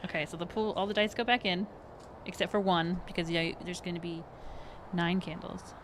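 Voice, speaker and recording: A woman's voice: fairly low pitch, fairly even intonation, normal speed, noisy background. A woman running a tabletop game as game master, patiently explaining the rules and laughing often.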